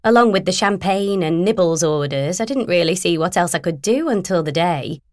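A woman narrating a first-person novel in a wry, steady storytelling manner. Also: lowish voice, normal speed, dry recording, studio quality. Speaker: audiobook narrator.

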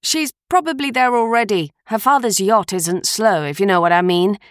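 A woman's voice: mid-range voice, moderate pace, dry recording, studio quality, pitched above the performer's own voice, natural voice. Wry, knowing woman friend, read by a woman.

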